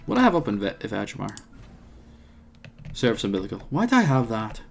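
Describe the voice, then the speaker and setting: A man's voice: lowish voice, wildly swooping pitch, fast talker, gravelly. A man commentating his own strategy game, thinking aloud with plenty of hesitations and wry asides. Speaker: let's play host.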